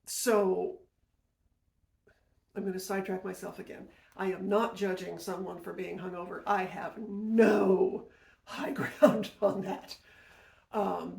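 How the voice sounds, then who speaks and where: Rambling woman with a gravelly, roomy voice. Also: medium pitch, a little mellow. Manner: rambling, with frequent self-corrections and asides. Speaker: podcast host. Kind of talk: casual personal storytelling. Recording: roomy echo.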